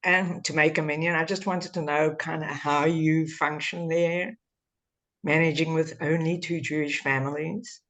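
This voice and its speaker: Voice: medium pitch, steady tone, measured pace, fairly bright tone, low-quality recording. A meeting guest on a video call asking a polite, slightly apologetic question.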